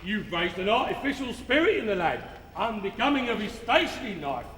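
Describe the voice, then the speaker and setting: An actor playing a pompous, blustering parish beadle on a theatre stage, declaiming in amateur stage musical style. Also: male voice, high voice, big pitch swings, brisk, fairly bright tone. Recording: echoey hall from far off, noise.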